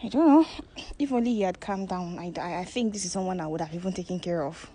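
A woman's voice: fairly low pitch, fast, mellow, slightly rough. A woman in a comic blind-date skit, speaking in an indignant and offended way.

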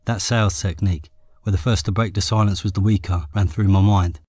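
A man with an English accent reading his own memoir as an audiobook in a steady, measured way. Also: lowish voice, husky, no room sound. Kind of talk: audiobook narration.

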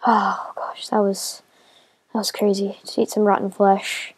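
A woman giving casual commentary as she plays a video game, talking to herself and getting excited as she goes. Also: mid-range voice, normal speed, slightly rough. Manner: excitable, talks to herself while playing. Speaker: gamer.

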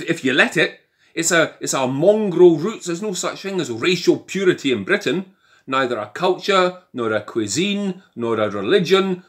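An older man with a Scottish accent, delivering an animated opinion monologue full of rhetorical questions. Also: a little high. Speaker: commentator.

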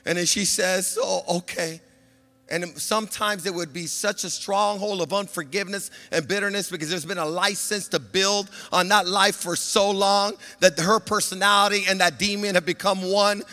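A male pastor delivering a sermon, who swings between shouting exhortation and soft, low confiding talk. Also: steady tone, normal speed, hardly any pauses, soft background music. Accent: Southern Californian. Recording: long church-hall reverb.

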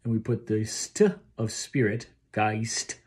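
A choir director, a man with a fairly low, steady voice, takes his time through a rehearsal lesson. He explains phrasing and pronunciation, sings short snippets of the lines, and closes each point with a questioning "okay?"

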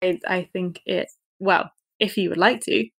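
A woman's voice: on the low side, steady tone, a little slow, gravelly, husky, no echo. Young woman cohosting a podcast, laughs a lot, dry close sound. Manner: giggly, laughs often, chatty. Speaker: podcast co-host. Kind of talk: casual chat.

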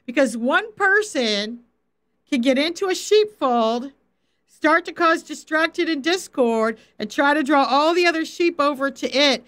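A middle-aged faith coach gives a Bible teaching on a livestream, addressing viewers in the chat firmly and directly. Her voice is high, slightly bright, expressive, and unhurried.

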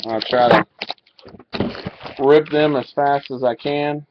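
Guy doing a live card break on his webcam, slow talker, gets hyped at good hits, muffled audio. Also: mid-range voice, noisy background. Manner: excitable, reacts to pulls. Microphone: webcam mic.

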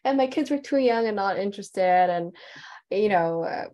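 A woman's voice: mid-range voice, animated, normal speed, warm tone. A woman calligraphy teacher telling her story in a heartfelt, enthusiastic presentation over a video call.

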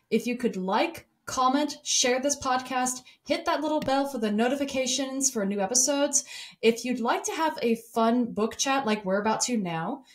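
A woman hosting a casual book podcast, chatty and quick, often restarting her sentences. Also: a little high, reverberant. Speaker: podcast host. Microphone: remote recording software.

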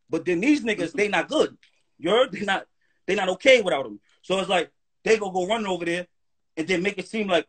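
Guy going off on a livestream, cursing a lot, high husky voice. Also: fairly quick. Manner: profane, animated, keeps asking "you heard?". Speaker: guest on a live stream. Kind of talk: heated livestream rant.

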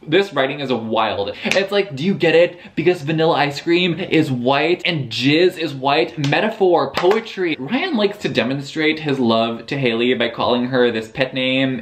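A man chatting casually as a book vlogger, recapping a novel with sarcastic, animated storytelling. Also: medium pitch, unhurried, a little hiss or hum. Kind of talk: casual book review chat.

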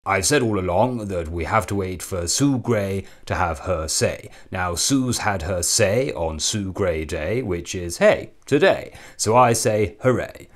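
A man's voice: low voice, lively intonation, measured pace, hardly any pauses. Man doing a blustering smug English politician. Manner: blustering, smug, self-mocking asides with chuckles. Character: bumbling smug male prime minister impression. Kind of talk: satirical impression monologue.

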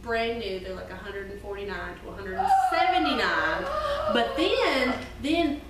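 A woman's voice: medium pitch, big pitch swings, a little fast, far from the mic. A young woman, chatting playfully and eagerly with her mother and often saying "like". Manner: playful, enthusiastic, says "like" a lot. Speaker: host's daughter. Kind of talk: casual family chat. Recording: echoey room, off-mic, with background noise.

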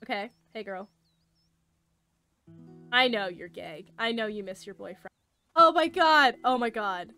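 A woman in her late teens giving excited let's play commentary, gushing, squealing and swearing. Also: mid-range voice, unhurried, pauses often, clear, resonant tone, soft background music.

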